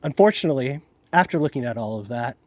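A man, a club owner, giving a measured, prepared public statement. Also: mid-range voice, expressive, a little mellow, no echo. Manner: measured, formal. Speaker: club owner making an announcement.

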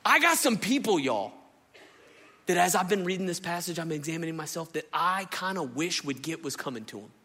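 A pastor preaching a sermon into a stage microphone in a church hall, impassioned and conversational, often asking the crowd questions. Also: male voice, fairly high pitch, a little fast, a bit bright.

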